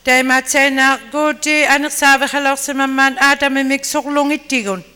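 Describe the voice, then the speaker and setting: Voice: sits high, fairly even intonation, a little fast, bright, forceful tone. An interpreter rendering a sermon phrase by phrase into another language and echoing the preacher's acting. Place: church hall. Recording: echoey hall. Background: long hall reverb.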